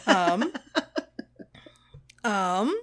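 A woman co-hosting a casual chat, recapping an episode with lots of swearing and quick quoted voices. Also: mid-range voice. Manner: profane, animated retelling with quick quoted voices. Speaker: podcast co-host.

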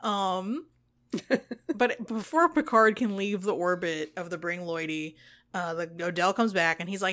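A woman co-hosting a casual chat, recapping an episode with lots of swearing and quick quoted voices. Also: on the low side. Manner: profane, animated retelling with quick quoted voices. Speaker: podcast co-host.

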